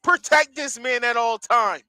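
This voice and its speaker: A man's voice: very high-pitched, unhurried, bright, forceful tone, no echo, rough recording. A man hosting a podcast, talking casually about wrestling in an emphatic, exclamatory way. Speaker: podcast host.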